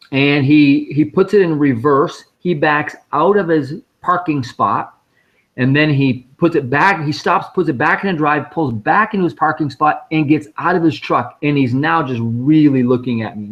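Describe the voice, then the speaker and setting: This man's voice sits fairly high and sounds fairly bright, moving at a moderate pace, though the high frequencies are cut off. Speaking as a guest at a fundraising live stream, he shares a personal anecdote casually, quoting what others said along the way.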